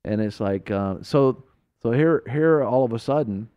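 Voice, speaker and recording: A man hosting a talk show, telling a folksy story and preaching in an animated, laughing way. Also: mid-range voice, measured pace, smooth, no echo, highs cut off.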